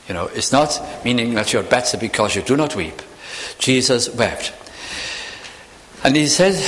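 A man preaching a sermon, telling a Bible story with slow, emphatic pauses and a shifting delivery. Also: medium pitch, fairly bright tone, big-room sound, a little hiss or hum, poor audio.

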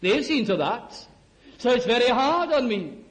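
A man's voice: very high-pitched, very animated, moderate pace, fairly bright tone, heavily acted, rough recording. A male preacher voicing a weary godly king who pours out his complaints to God in a plaintive, half-laughing way. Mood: rueful complaint.

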